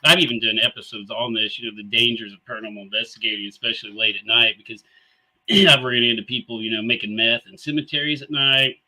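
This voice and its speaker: A man's voice: medium pitch, sharp tone, poor audio. A man, hosting a casual live talk show and telling stories in an easygoing, rambling way full of fillers and chuckles. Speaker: show host.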